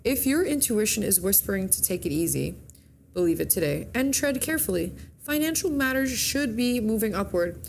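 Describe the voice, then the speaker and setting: Chatty woman with a gravelly voice. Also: medium pitch, lively intonation, moderate pace, slight background noise. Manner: chatty, reads with slips and self-corrections. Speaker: morning show co-host reading horoscopes. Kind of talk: casual chat, reading horoscopes aloud.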